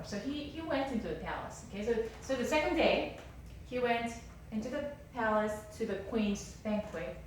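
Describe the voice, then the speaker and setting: A woman teaches a Bible class and retells the story with lively, chatty energy. She is recorded from a distance in a very echoey lecture room, with a faint hiss beneath. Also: fairly high pitch, normal speed. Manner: animated, conversational, fillers of "like". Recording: roomy lecture hall, distant mic.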